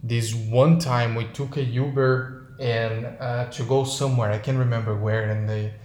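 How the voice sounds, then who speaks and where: A man co-hosting a podcast, talking in a relaxed way with stammered restarts. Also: medium pitch, moderate pace, roomy sound. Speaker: podcast co-host. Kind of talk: casual chat.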